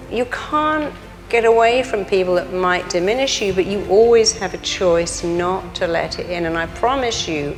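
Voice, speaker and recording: A woman giving a motivational talk who acts out the mind's inner voice in an animated way. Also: on the low side. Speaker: therapist and speaker. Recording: long hall reverb.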